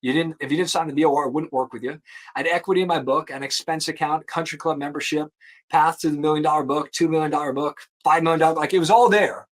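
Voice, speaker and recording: A man in his thirties with a slightly high voice tells his career story as a guest, loose and animated. He peppers every sentence with "dude" and "like" and throws in casual swearing. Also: quick pace. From US East Coast. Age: 30s. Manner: slangy, animated, swears, says "dude" and "like" a lot. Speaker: insurance producer, guest.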